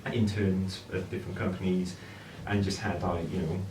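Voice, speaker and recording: A man's voice: low voice, flat delivery, moderate pace, recorded from a distance. A man guest telling a rambling, anecdotal story in casual chat. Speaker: film guest. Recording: echoey room, noise in background.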